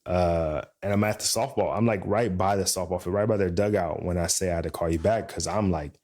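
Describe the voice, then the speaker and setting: A middle-aged man on a podcast, chatting casually and telling an animated story, acting out the voices of the people in it. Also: deep voice, a little fast. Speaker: podcast co-host. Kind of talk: casual chat.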